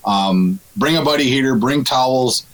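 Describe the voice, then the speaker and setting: A man's voice: mid-range voice, normal speed, rough recording. A man guesting on a radio show, telling a fishing story in casual chat, with frequent restarts and laughs. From Minnesota.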